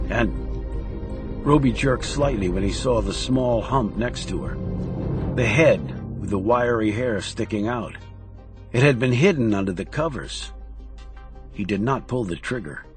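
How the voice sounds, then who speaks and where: A man reading a thriller audiobook in a measured, dramatic narration style. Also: medium pitch.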